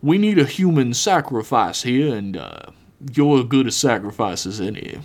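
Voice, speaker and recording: A man's voice: medium pitch, big pitch swings, moderate pace. A man voicing a sly older male mayor who plays the villain, cool and condescending, in a read-aloud story. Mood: smug.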